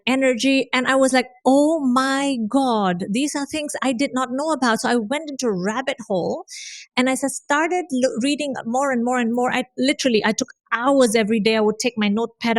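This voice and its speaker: A woman's voice: a little high, dry recording, studio quality. A woman from Indonesia, a podcast guest, telling her life story in earnest conversation and repeating phrases for emphasis.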